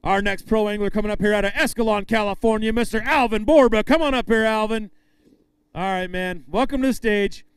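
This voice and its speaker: A man emceeing a live fishing tournament weigh-in, upbeat, calling out names and weights with drawn-out emphasis. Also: sits high, clear, resonant tone, dry recording.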